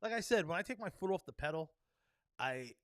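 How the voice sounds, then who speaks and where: A man's voice: a little high, animated, fairly quick, a bit bright, no echo. A young man, hosting a solo podcast and ranting profanely, peppering his talk with "you know what I mean". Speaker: podcast host.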